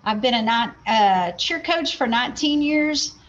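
A woman's voice: fairly high pitch, animated, a little slow. A woman in her forties from Oklahoma with a Southern Oklahoma accent, a health science teacher giving a casual workshop presentation over a video call, laid-back and a little apologetic. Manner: laid-back, apologetic, talks herself through steps. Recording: muffled video-call audio with faint noise.

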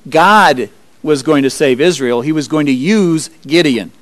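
A man preaching a sermon as pastor, expressive, rising high for emphasis and dropping low and quiet. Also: a little slow, no room sound. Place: church.

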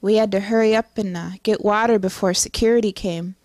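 A middle-aged woman giving an earnest personal testimony, halting, with many restarts and fillers. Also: mid-range voice, fairly even intonation, a little mellow, no echo, studio quality. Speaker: testimony speaker.

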